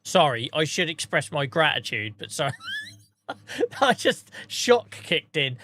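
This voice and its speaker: A man's voice: on the high side, sing-song, measured pace, pushed and bright, a little hiss or hum. A tired man chatting casually to viewers on a live stream, rambling, swearing freely and laughing at himself. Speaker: game streamer.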